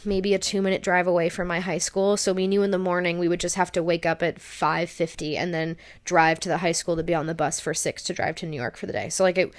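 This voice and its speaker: Young woman with a smooth voice, telling a story. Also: lowish voice. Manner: animated storyteller, acts out her own past panic. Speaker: podcast co-host. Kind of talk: casual storytelling chat.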